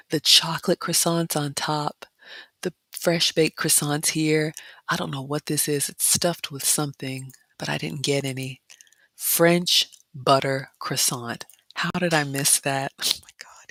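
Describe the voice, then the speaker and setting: A woman vlog host walking viewers through a brunch buffet, chatting casually, reading comments aloud and often dropping into soft excited whispers. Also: sits low, no echo, studio quality. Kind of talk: casual live-stream walkthrough.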